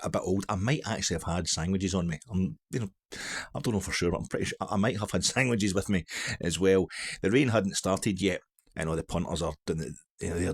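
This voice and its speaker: A man's voice: sits low, creaky, slightly rough. A middle-aged man with a Glaswegian accent, telling a rambling, self-mocking story in a casual monologue. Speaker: vlogger.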